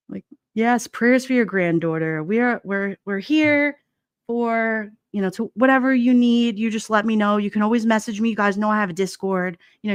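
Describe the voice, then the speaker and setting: A Brooklyn, New York woman hosts a casual livestream chat, reading viewer comments and laughing often amid lots of fillers. Her voice is medium-pitched with no room sound, recorded on a headset mic with headphones.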